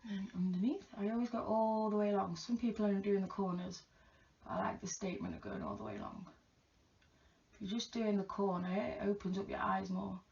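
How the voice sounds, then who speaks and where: A woman chatting casually to viewers during a makeup tutorial, often dropping to soft murmurs. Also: mid-range voice, expressive, a little fast, vocal fry. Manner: chatty, talks to viewers while applying makeup, drops to murmurs. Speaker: makeup vlogger. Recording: distant lo-fi home recording with faint hiss.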